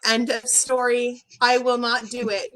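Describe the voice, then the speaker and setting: A woman's voice: a little high, little pitch movement, a little slow, crowd noise, poor audio. A woman on a gaming roundtable who speaks emphatically and laughs often. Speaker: panelist. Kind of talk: casual gaming roundtable chat.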